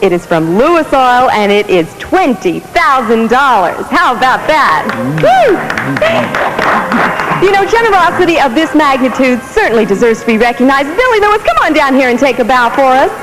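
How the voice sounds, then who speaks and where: A woman's voice: sits high, big pitch swings, a little fast, few pauses, over loud music, a loud crowd, poor audio. An actress playing a bubbly female telethon host, upbeat and cajoling as she urges viewers to give. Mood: cheery. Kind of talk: soap opera acting.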